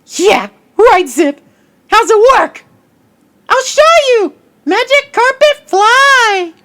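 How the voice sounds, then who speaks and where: A performer voicing Dottie, a loud, excitable cartoonish woman who shouts her lines. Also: measured pace, full character voice. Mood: excited. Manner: shrill and shouty.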